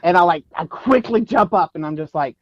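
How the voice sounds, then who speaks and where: A man's voice: high voice, lively intonation, fairly quick, no echo, dull audio. Rambling Texas-raised man telling stories. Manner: rambling, many fillers and restarts. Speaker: guest actor and producer. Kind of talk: casual interview storytelling.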